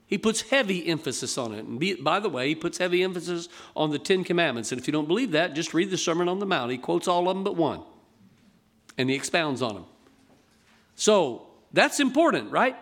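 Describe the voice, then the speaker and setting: A man preaching a sermon in a folksy, emphatic way, often asking his listeners questions and reading scripture slowly. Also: a little high, a bit bright. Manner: reads scripture slowly in King James wording.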